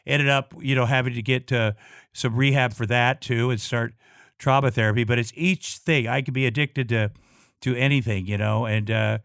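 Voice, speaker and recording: A middle-aged man from Iowa, a guest telling a personal story in casual talk, blunt and swearing often, halting with many restarts and repeated words. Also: medium pitch, steady tone, creaky, fairly bright tone, clean tone, dry recording, clean studio sound. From Iowa, USA.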